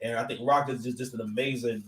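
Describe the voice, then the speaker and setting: This man's mid-range voice holds a steady tone and moves fast, but he's far from the mic and there's heavy background noise in the echoey room. He's at home giving loose, joking battle rap commentary with plenty of stop-and-start repeats, his son nearby.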